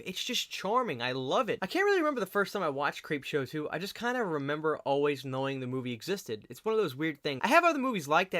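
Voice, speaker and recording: A man talks eagerly about horror movies in a casual vlog, with a slightly high voice. He leans on words for emphasis and often repeats them. The sound is dry and close, with little room echo. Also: a bit bright. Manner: enthusiastic, repeats "really, really". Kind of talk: casual ranking vlog to camera. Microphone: desk microphone.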